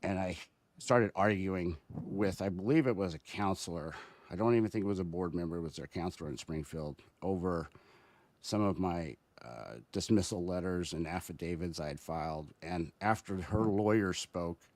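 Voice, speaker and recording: A man telling a story as a podcast guest, rambling and animated, with frequent restarts. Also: low voice, moderate pace, dry recording. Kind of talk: casual podcast chat.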